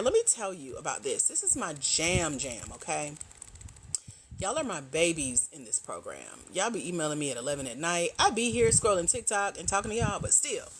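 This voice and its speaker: A woman coaching small business owners on a casual livestream, talking in a slangy, playful way. Her voice is bright and forward, and her pitch leaps up and down as she jokes. A faint background hiss sits under the recording. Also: low-quality recording. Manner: animated, slangy, teasing, laughs often. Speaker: grant coach and host.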